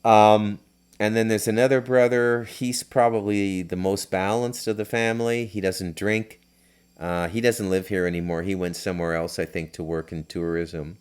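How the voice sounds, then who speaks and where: Man, very low voice, middle-aged podcast host, casual storytelling, rambling with fillers. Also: smooth. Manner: rambling, with many fillers and restarts.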